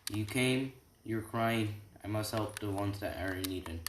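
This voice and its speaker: A man's voice: lowish voice, noisy background, natural voice. A man voicing an earnest young hero. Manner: plain, unhurried delivery with small restarts. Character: young male hero, earnest quiet protector. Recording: echoey room, faint typing.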